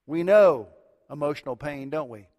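A middle-aged man preaching a sermon as a pastor, swinging between loud emphatic lines and hushed low ones. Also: normal speed. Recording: long hall reverb.

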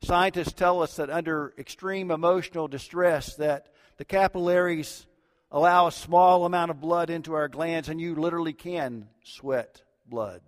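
A middle-aged man preaching a sermon as a pastor, swinging between loud emphatic lines and hushed low ones. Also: moderate pace. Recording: long hall reverb.

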